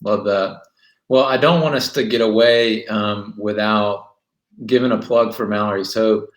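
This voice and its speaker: A man hosting a casual interview, asking questions in a calm, measured, earnest way. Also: fairly low pitch. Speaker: interview host. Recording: roomy echo.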